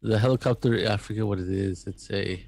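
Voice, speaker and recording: A man with a gravelly voice narrates a tabletop role-playing game as game master. He talks haltingly, with frequent fillers and restarts. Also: on the low side, steady tone, darkish tone, dry recording.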